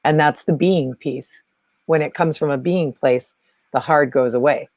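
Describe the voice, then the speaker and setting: Woman guest, calm coach, reassuring, dry close sound. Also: deep voice, a little slow, no room sound. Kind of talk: casual spiritual chat.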